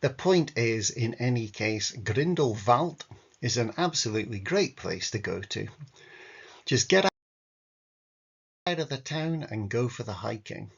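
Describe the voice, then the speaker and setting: Wry guy narrating travel pics, gravelly, rambly, bit lo-fi. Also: mid-range voice, expressive, a little slow, pauses often. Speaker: travel guide vlogger. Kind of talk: casual travel commentary over photos. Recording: dull lo-fi audio.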